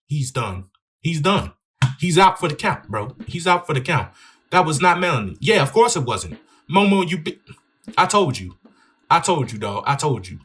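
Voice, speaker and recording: Joking, higher-voiced gaming commentator. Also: male voice, big pitch swings, normal speed, fairly bright tone. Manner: joking, slangy, riffing on the story. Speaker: gaming YouTuber. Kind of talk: playthrough commentary with read-out game dialogue.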